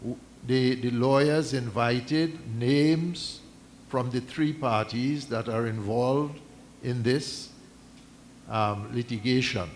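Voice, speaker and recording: A man speaking formally at a community meeting, measured and deliberate, stopping and restarting as he reads out a document. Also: medium pitch, a little hiss or hum. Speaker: mosque community representative addressing a meeting. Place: islamic centre meeting hall.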